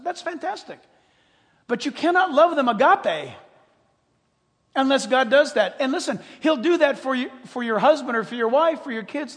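A man preaching a sermon as a pastor, animated and conversational, acting out quoted prayers and joking with the congregation. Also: very high-pitched, normal speed, in a large hall.

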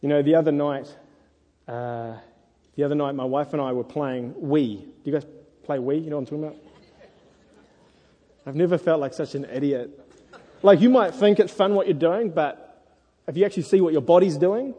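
A married man preaching a sermon to a congregation, earnest and lively when he tells stories. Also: on the high side, normal speed, long pauses. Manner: earnest, animated storytelling. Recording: echoey hall.

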